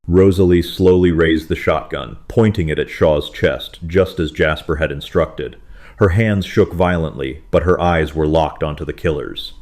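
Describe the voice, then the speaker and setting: A man with a very low, deep voice reads a dramatic story aloud at an even, measured pace. His delivery is steady and scripted, and he holds the tension without rushing. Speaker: narrator.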